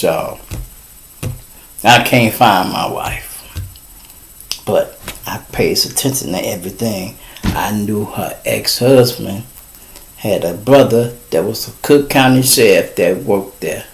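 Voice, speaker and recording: A middle-aged man with a Chicago accent, hosting a podcast and telling a casual street story, calling out to listeners. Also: mid-range voice. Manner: animated street storytelling, addresses listeners as y'all. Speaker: podcast host.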